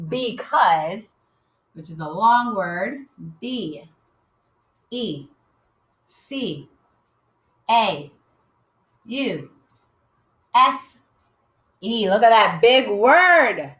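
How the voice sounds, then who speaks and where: A woman teacher slowly modeling a writing lesson for young children, sounding out letters with cheerful emphasis. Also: fairly high pitch, animated, sharp tone. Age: adult. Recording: echoey room.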